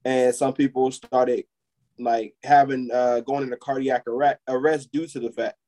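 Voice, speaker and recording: A man co-hosting a podcast who talks at a middling pitch in a loose, rambling way. He piles up filler words as he tells a story to his friends. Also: flat delivery, unhurried, dark tone, low-quality recording. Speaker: podcast co-host. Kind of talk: casual chat.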